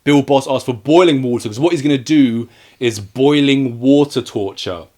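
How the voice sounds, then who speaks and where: A man's voice: mid-range voice, normal speed. Man retelling film scenes. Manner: animated retelling, acts out quoted lines. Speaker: podcast co-host reviewing films. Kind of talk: casual film review chat.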